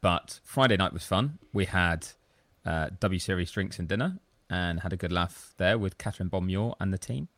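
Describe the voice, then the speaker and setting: A man's voice: sits low, moderate pace, hardly any pauses, a bit bright, no echo. A man co-hosting a podcast, telling long, rambling, self-deprecating stories in casual chat. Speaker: podcast co-host.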